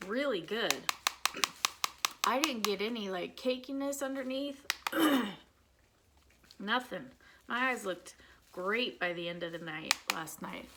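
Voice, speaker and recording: A woman's voice: medium pitch, background noise. A woman, chatting candidly as she does her makeup at home and venting about her son. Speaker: vlogger, mother of an autistic son. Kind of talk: casual makeup vlog chat.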